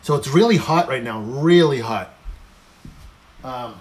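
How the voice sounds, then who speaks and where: A man's voice: mid-range voice, expressive, a little slow. A man hosting a casual cooking live stream, chatting with viewers and greeting them by name, sometimes moving away from the mic as he cooks. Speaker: livestream cooking host.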